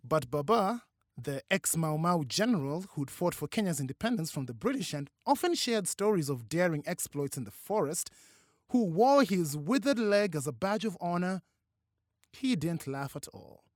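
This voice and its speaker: A narrator reading a novel aloud with expressive, varied delivery. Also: medium pitch, normal speed, dry recording, clean studio sound. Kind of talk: audiobook narration.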